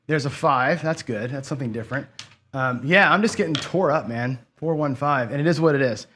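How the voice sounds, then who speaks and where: A medium-pitched, brisk male voice with a fairly bright tone, against slight background noise. He hosts a live online craps stream, chatting with viewers and cursing, frustrated, as he loses.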